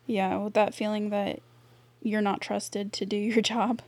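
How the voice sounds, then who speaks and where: A woman's voice: mid-range voice, flat delivery, measured pace, dry recording. Thoughtful woman chatting, laughing lightly. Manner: thoughtful, laughs as she talks. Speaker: podcast co-host. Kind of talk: casual chat.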